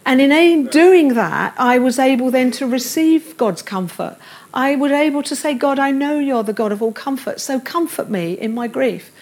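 A woman's voice: sits high, animated, normal speed, a little mellow. A middle-aged woman preaching a sermon in a church, earnest, with repeated affirmations and light self-deprecating humor. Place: church service room.

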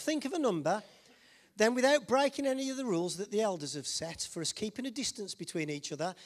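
A man preaching in a church, his voice sitting high and swinging widely in pitch. He keeps it light and jokey, teasing the congregation and pressing them with questions. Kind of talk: sermon.

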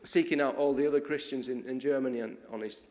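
A man with a gravelly, creaky voice of middling pitch preaches to his congregation. He retells a story in a lively way and acts out the voices of its people. He often stumbles, repeats words and restarts his sentences as he goes. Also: fast. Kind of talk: sermon storytelling.

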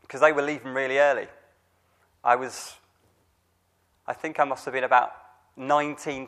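A man's voice: high voice, fairly bright tone. A man in his thirties, a youth worker preaching an informal sermon with a chatty delivery, many fillers and restarts, and direct questions to the audience. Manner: conversational, with frequent fillers and restarts.

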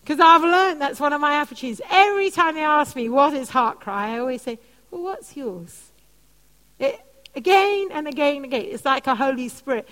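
A woman preaching and teaching on prayer, telling animated stories. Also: fast talker, few pauses. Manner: animated storytelling, soft lowered voice for quoted comforting words. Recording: long hall reverb.

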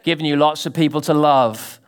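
A man preaching a sermon to a congregation, animated and full of sudden rises and drops, often asking the listeners questions. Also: on the high side, brisk, clear, resonant tone. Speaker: pastor.

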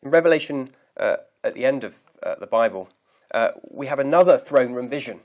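A man preaching a sermon, reading scripture aloud slowly and deliberately and pausing to stress key words. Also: mid-range voice, lively intonation. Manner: measured, emphatic reading of scripture.

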